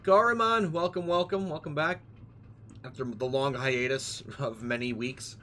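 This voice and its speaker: A man's voice: mid-range voice, steady tone, measured pace, bright, forceful tone, slight background noise. A young man streaming a video game, rambling and joking playfully as he plays. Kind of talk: casual let's-play commentary.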